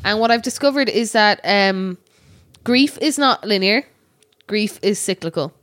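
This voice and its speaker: A woman's voice: mid-range voice, a little slow, fairly bright tone. Candid Irish woman telling a story. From Ireland. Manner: candid, storytelling, swears casually. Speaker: podcast co-host. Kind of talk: casual chat.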